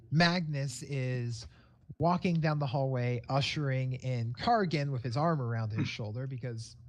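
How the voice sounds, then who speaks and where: A man's voice: mid-range voice, measured pace. A young man narrating a tabletop game as game master, rambling and laughing often.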